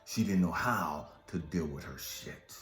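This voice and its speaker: A man's voice: sits low, animated, measured pace, a bit bright. A man giving an impassioned motivational monologue as a life coach, swearing often and hammering repeated rhetorical questions. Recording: echoey room with faint music.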